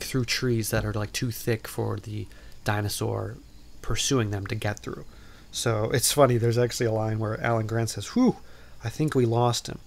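A man's voice: lowish voice, creaky. A man hosting a podcast, casually recapping a movie in a rambling way, full of "like" and "um," with playful asides. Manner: rambling, filler-heavy, lots of "like" and "um"; playful, self-interrupting asides. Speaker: podcast host.

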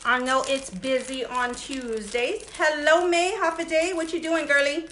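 Bright, chatty woman selling jewelry live. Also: high-pitched, steady tone, a little slow, echoey room, a little hiss or hum. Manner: upbeat, chatty, greets viewers by name. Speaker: jewelry seller hosting a livestream. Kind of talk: casual live sales chat.

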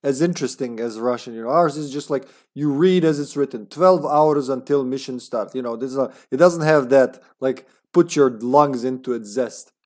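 A man's voice: medium pitch, a little mellow. Chatty man streaming a game. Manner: chatty, laughs often, tired but talking fast. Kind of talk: casual live-stream commentary.

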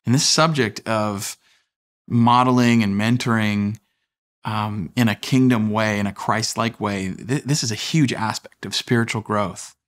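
A man's voice: on the low side, steady tone, a little slow. A man in his thirties preaching a sermon as pastor, talking conversationally with fillers and asides.

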